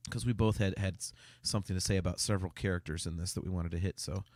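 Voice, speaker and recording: A man's voice: sits low, steady tone, quick pace, a little mellow, no room sound, clean studio sound. A man co-hosting a casual fan podcast, often restarting his sentences and reading out viewer comments. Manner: hesitant, stammering restarts, reads viewer comments. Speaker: podcast co-host. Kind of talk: casual chat.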